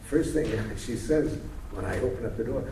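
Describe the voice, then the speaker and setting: A man's voice: medium pitch, moderate pace, warm tone. A man leading a communication workshop, teaching through role-play and playful storytelling. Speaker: workshop leader. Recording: roomy hall, distant mic, faint hiss.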